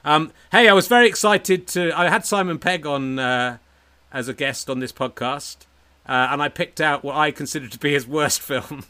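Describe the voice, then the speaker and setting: English guy hosting a comedy podcast, bright voice, rambles and laughs at himself a lot. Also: a little high, normal speed. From England. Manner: rambling, self-mocking, laughs often. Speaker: podcast host. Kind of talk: casual comedic interview chat.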